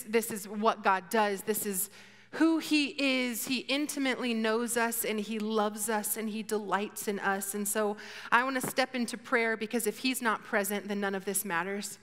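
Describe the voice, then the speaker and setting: Chatty young woman speaker in a reverberant hall. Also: mid-range voice. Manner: lively and chatty, turning soft and slow in prayer. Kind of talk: faith talk to students. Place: auditorium with an audience.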